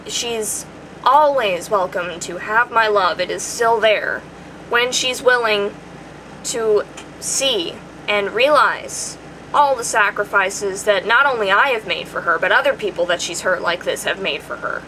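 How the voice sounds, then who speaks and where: A young woman in a personal vlog, earnest and emotional, her voice dropping soft as she nears tears. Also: medium pitch, measured pace, slight background noise, rough recording. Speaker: vlogger answering viewer questions.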